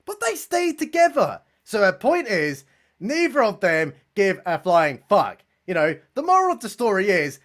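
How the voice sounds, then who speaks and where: High, lively, mocking young man. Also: normal speed. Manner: mocking, deadpan asides, swears casually. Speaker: comedy reviewer. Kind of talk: sarcastic review commentary.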